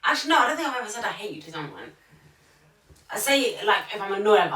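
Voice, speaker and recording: A woman's voice: mid-range voice, sing-song, fast, pauses often, sharp tone, distant mic. A woman co-hosting a podcast, chatting casually and rambling with many fillers and restarts. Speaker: podcast co-host. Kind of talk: casual chat. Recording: roomy, off-mic sound.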